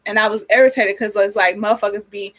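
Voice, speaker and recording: A woman's voice: mid-range voice, fairly even intonation, fast talker, fairly bright tone, rough recording. A nineteen-year-old woman vlogging casually while she does her hair, venting and rambling with a lot of swearing, her nose irritated and sniffly. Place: small cold bedroom with a space heater running.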